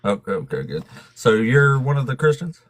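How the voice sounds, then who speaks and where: A man's voice: medium pitch, sing-song, moderate pace, dry recording. Joking man hosting a debate stream. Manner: joking, laughs often. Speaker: debate show host. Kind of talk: casual livestream debate hosting.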